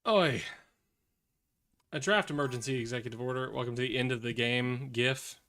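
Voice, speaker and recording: A man's voice: mid-range voice, moderate pace, a bit bright. A man with children, streaming live and reacting to political news, swearing freely and swinging from angry rants to tired mutters. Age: adult, has children. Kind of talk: casual live commentary.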